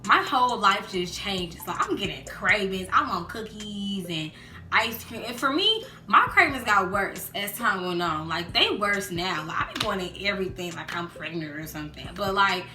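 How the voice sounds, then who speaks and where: Animated young woman telling a storytime. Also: mid-range voice, moderate pace. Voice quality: animated, acts out quotes in voices. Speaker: vlogger. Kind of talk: casual storytime vlog. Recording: roomy echo with background music.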